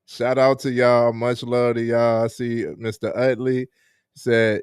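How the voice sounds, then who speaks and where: A man's voice: mid-range voice, flat delivery, measured pace, darkish tone, clean tone, no room sound, studio quality. A man hosting a casual live-streamed interview, chatting with viewers and laughing often. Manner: laid-back, laughs often, chats with viewers.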